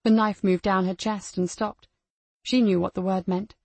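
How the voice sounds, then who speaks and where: A woman narrates a crime novel in a measured, even voice. Her tone carries a slight gravelly texture, and the recording is dry and close-miked. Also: medium pitch, no room sound. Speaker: audiobook narrator. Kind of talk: scripted narration.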